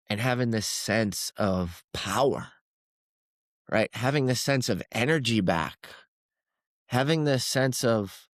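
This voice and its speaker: Male podcast guest, average pitch, earnest storyteller who stumbles over words when moved. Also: lively intonation, measured pace, long pauses, no room sound, clean studio sound. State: close to tears at times. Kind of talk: emotional personal storytelling.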